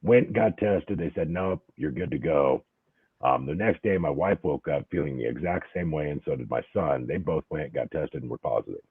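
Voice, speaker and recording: A hoarse middle-aged man with an extremely deep, gravelly voice and a husky edge. He tells his story plainly and matter-of-factly. He sounds dry and tinny, as if over a phone line. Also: animated, a little fast, hardly any pauses, dry recording. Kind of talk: casual interview chat.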